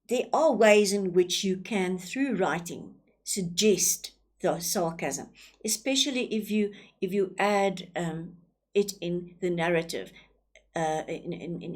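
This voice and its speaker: A woman teacher with a South African English accent, explaining a lesson with many ums and repeated words, often asking rhetorical questions. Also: fairly low pitch.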